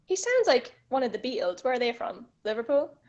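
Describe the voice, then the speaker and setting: A woman's voice: fairly high pitch, fairly quick, highs cut off. Giggly young Irish woman. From Ireland. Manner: relaxed, giggly, unsure. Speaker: guest. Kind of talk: casual chat.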